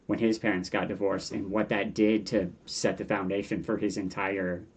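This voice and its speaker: A man in his forties speaks as a guest in a relaxed podcast interview, his voice sitting fairly low. He talks earnestly and animatedly, often doubling words as he works out his thoughts. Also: moderate pace, husky. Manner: earnest and animated, repeats words while thinking. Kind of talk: casual conversational interview.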